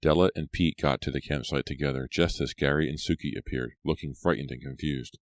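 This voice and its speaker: A man narrating an audiobook in a steady storytelling voice. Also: rumbling low, a little fast, no room sound. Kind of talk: scripted narration.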